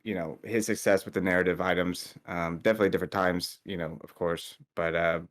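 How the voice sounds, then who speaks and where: A man talking as a guest artist in a casual interview over a call, halting with many fillers and restarts. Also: deep voice, steady tone. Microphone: remote call audio.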